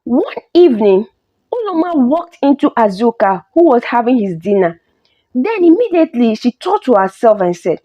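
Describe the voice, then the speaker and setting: A woman narrating a folk story in an expressive storytelling way. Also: fairly high pitch, moderate pace. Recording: dull lo-fi recording.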